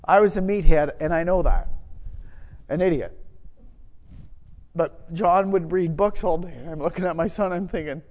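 A middle-aged man preaching a sermon, conversational and self-deprecating, building to loud emphatic moments. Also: a little high, normal speed, pauses often. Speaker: pastor. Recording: long hall reverb.

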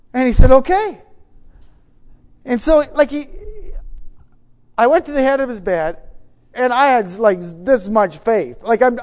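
A man preaching, telling a story with many restarts, swinging from hushed to loud. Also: extremely high pitch. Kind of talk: sermon storytelling.

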